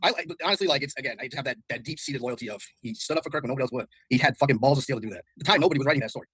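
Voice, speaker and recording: Husky man, rapid-fire, defensive in a heated call. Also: mid-range voice, a bit bright, dry recording. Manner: defensive, hesitant restarts. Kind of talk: heated casual argument.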